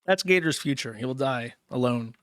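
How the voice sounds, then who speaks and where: A man hosting a livestream, reading paid chat messages and ranting in a crude, mocking way, sometimes jumping into squeaky put-on voices. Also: expressive, moderate pace, a bit bright, no room sound, clean studio sound. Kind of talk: casual crude livestream rant.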